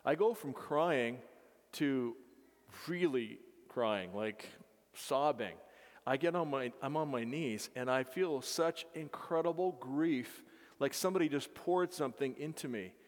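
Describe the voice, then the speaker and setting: A man who leads mission work, telling his story to a congregation earnestly, with halting restarts. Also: medium pitch. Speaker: mission leader. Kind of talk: testimony to a congregation. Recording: reverberant hall.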